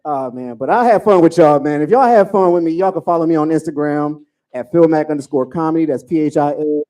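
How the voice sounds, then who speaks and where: A man in his forties doing a profane stand-up comedy set, telling stories with animated asides. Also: on the high side, fairly quick. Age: 40s.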